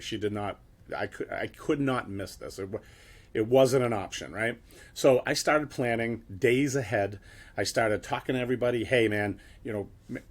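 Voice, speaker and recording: Husky blunt-talking middle-aged man. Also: medium pitch. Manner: blunt and swearing, with emphatic "right?" tags. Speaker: keynote speaker. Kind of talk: motivational talk with personal story.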